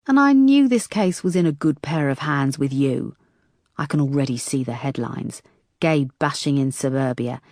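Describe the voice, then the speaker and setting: A woman's voice: deep voice, dark tone, dry recording, clean studio sound. A woman narrator voicing a weary, firm female police chief who speaks in a clipped, decisive way.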